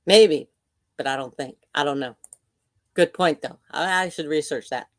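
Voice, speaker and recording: A woman's voice: low-pitched, moderate pace, dry recording, studio quality. An older woman hosting a livestream, chatting casually and reacting to viewer comments. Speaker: livestream host. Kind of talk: casual chat.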